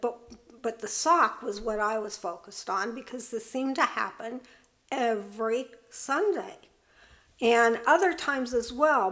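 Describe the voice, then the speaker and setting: Slow, halting woman telling a personal story. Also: a little high, a bit bright. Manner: halting, many fillers and restarts; earnest, thoughtful. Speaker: video host sharing personal story.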